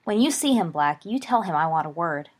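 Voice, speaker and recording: A woman reading the part of a sharp-tongued, demanding teenage girl who snaps. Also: fairly low pitch, lively intonation, brisk. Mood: snapping. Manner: snappish.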